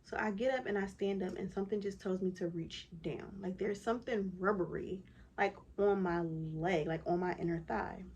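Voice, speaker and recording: A woman's voice: mid-range voice, normal speed, husky. Chatty woman telling a story. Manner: animated, lots of "like" fillers. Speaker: vlogger. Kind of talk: casual storytelling.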